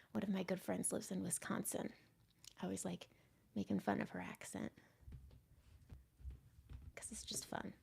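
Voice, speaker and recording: Chatty woman with a gravelly edge. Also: mid-range voice, steady tone, measured pace, pauses often. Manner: chatty, greets viewers, drifts into soft muttered asides. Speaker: makeup artist hosting a livestream. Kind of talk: casual livestream chat.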